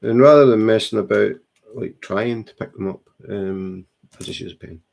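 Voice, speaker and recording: A man's voice: on the low side, normal speed, vocal fry, a little mellow. A Scottish man chatting casually at home about his crafting hobby, plainspoken and dry. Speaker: co-host, diamond painting hobbyist. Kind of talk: casual chat. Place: home, indoors.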